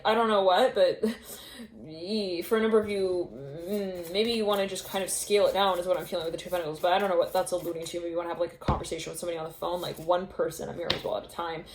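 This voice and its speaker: A woman's voice: fairly low pitch, steady tone, fast talker, a little mellow, slight background noise. Rambling woman tarot reader, roomy echo. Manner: rambling, intuitive, with frequent laughs and restarts. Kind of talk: casual tarot reading to camera.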